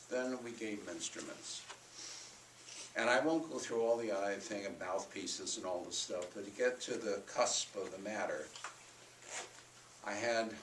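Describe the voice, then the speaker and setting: Fairly low in pitch yet fairly bright in tone, an older man gives a college lecture on music teaching, with some hiss or hum in the distant, roomy hall recording. He stops now and then to sing solfège and chant rhythm syllables as demonstrations.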